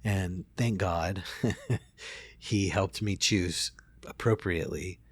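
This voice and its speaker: A middle-aged man, a therapist, telling a family story in a relaxed conversation, reflective and full of restarts. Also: sits low, slow, slightly rough, no echo. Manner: reflective, many restarts and fillers. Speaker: therapist and podcast host.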